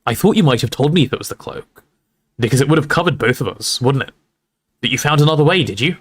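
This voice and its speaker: A man's voice: mid-range voice, animated, fast talker, husky. A man voicing a jealous, sarcastic teenage boy who sulks at a friend he believes is lying. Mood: sulky. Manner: sarcastic, sulky, skeptical.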